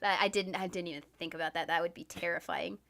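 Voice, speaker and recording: Young woman co-host, bright and excitable, gushing fan chat. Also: fairly low pitch, gravelly. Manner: excitable, acts out characters' lines in quick retellings. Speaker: podcast co-host. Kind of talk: casual chat.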